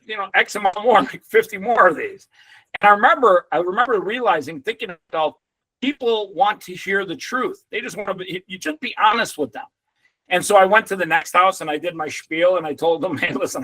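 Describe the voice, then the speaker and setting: A middle-aged man telling an animated story as a podcast guest, swearing freely and acting out other people's lines. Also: a little high, no echo, low-quality recording.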